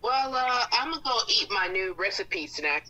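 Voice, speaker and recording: A woman's voice: mid-range voice, lively intonation, moderate pace, bright, forceful tone, lo-fi sound. A woman chatting goofily with friends during an online game. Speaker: Roblox player. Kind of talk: casual gaming chat.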